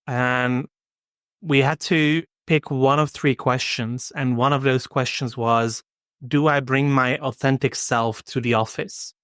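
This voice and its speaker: A man co-hosting a podcast, talking in a calm, measured way with dry humor. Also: medium pitch, smooth, dry recording. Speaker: podcast co-host. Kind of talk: casual chat.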